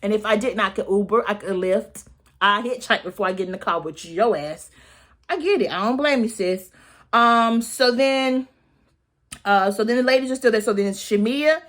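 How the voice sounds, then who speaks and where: A woman's voice: mid-range voice, a bit bright. Sassy chatty woman recapping reality TV. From United States. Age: 30s. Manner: sassy and chatty, with slang and quick asides. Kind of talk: casual recap commentary.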